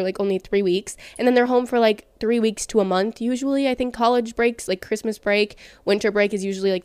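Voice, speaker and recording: A woman's voice: medium pitch, darkish tone, clear, resonant tone, no echo. Chatty young woman podcasting. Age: young adult. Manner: chatty, candid, lots of "like" fillers. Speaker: podcast host. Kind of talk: casual solo podcast chat.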